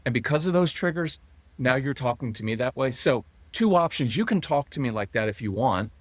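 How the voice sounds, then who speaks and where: A middle-aged man, a parenting coach as a podcast guest, telling stories lively and acting out quotes from parents and kids. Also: medium pitch, fairly quick, no echo. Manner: animated storyteller acting out parent and child quotes. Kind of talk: conversational interview.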